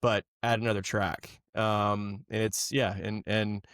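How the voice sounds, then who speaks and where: A man's voice: lowish voice, level tone, unhurried, a bit bright, clear, resonant tone, no echo. Easygoing male podcast host, dry sound. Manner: easygoing and explanatory, with fillers like uh and um. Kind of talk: casual chat.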